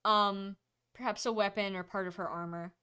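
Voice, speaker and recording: Woman game master, bright, crisp voice, chatty, laughs often. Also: mid-range voice, fairly even intonation, moderate pace. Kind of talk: narrating a tabletop game.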